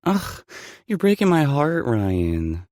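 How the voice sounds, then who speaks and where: Man doing a playful teasing woman, husky, raised pitch, dry close sound, audiobook. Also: lively intonation, measured pace, darkish tone, no echo. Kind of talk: audiobook character voicing.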